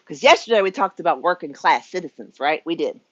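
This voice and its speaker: A woman's voice: low voice, animated, quick pace, dull audio. A middle-aged woman from the United States, a spiritual life coach venting frankly to her viewers at home, chatty, swearing and laughing, sweaty. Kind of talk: casual vlog rant.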